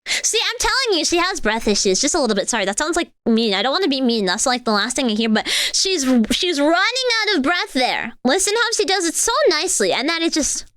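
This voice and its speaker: A woman's voice: high voice, very animated, brisk, few pauses, fairly bright tone, no room sound. A woman vocal coach giving chatty, hedging reaction commentary with lots of fillers.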